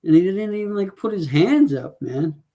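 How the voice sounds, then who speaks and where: A man's voice: high-pitched, lively intonation, moderate pace, mellow. A man co-hosting a casual fight predictions show, rambling through stats and checking numbers aloud with plenty of fillers. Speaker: podcast co-host.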